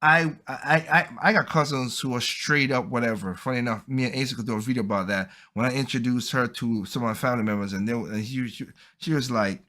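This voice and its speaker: A man's voice: medium pitch, a little fast, hardly any pauses, pushed and bright. A man hosting a podcast, talking casually in a rambling, opinionated way. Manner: rambling, opinionated, acts out quoted people. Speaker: podcast host.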